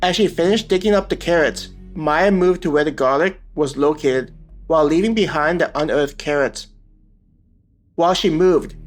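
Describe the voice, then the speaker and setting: A man reading a web novel aloud as scripted audiobook narration, in a steady, even manner. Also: a little high. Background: faint background music.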